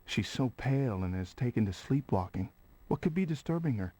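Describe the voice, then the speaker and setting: A man playing a formal young gentleman with a put-on British accent. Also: medium pitch, lively intonation, natural voice, rough recording. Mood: concerned. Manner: formal, measured period speech. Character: earnest young gentleman investigator. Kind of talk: 1990s game acting.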